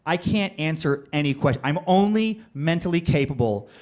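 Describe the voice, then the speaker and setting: A man doing stand-up, telling a rambling, profane story with fillers and bursts of high yelling when he acts out moments. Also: lively intonation, moderate pace. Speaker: stand-up comedian. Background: audience laughter.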